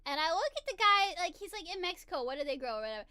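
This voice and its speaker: A woman's voice: extremely high pitch, very animated, racing, pushed and bright, dry recording. A woman vlogger chatting casually to camera, giggling often and filling her talk with "like" and "um". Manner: chatty, giggly, lots of fillers. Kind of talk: casual chat.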